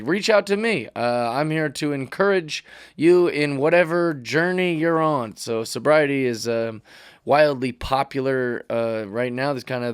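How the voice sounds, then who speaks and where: A man's voice: a little high, smooth, dry recording. Rambling, wry man on a dry studio mic. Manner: rambling, wry, self-mocking. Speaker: comedian and podcast host. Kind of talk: casual podcast monologue. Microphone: studio mic with headphones.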